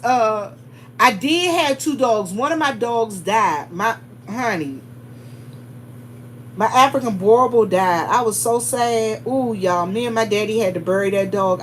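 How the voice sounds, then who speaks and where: A woman with a drawl and a fairly high voice, chatting loosely on a livestream. She talks straight to her viewers, greets them by name and rambles from one story to the next, with a faint hum under her voice. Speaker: livestream host. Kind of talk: casual livestream chat with viewers.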